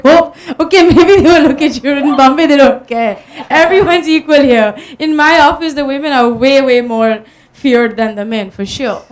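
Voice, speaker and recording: Indian woman on a panel, high voice, chatty storyteller, laughs a lot. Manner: animated storytelling, laughs often. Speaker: business owner on a panel. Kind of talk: panel discussion, anecdotal.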